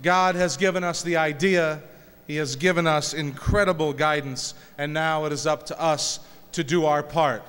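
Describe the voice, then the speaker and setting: A man speaks from the stage of a large hall, his smooth, fairly high voice trailing off into a long echo. He mixes inspiration with jokes, telling homely stories to the audience. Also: fairly even intonation, moderate pace, a bit bright. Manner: joking, folksy storytelling. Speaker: speaker at a peace concert. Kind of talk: inspirational public speech with humorous stories. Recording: reverberant hall recording.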